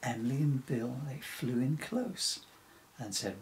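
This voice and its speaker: A man reading a rhyming children's story aloud in an expressive, sing-song way. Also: mid-range voice, unhurried, a little hiss or hum, rough recording.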